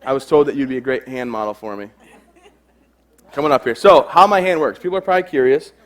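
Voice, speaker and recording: A man's voice: medium pitch, quick pace. A young adult man giving a humorous stage talk to a live audience, telling self-deprecating stories. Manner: joking, self-deprecating storyteller. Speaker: keynote speaker.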